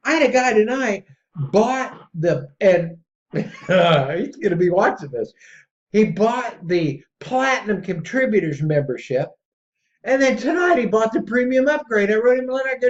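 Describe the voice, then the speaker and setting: A man hosting a podcast in a casual, rambling monologue that gets excitable. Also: moderate pace. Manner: excitable and rambling, jumps between pitches. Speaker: podcast host. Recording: dull lo-fi audio.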